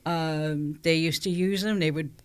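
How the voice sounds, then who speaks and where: A woman's voice: low voice, fairly even intonation, measured pace, slight background noise. A woman guest who runs a crystal shop, talking in an easygoing way and explaining with anecdotes. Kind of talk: casual interview talk.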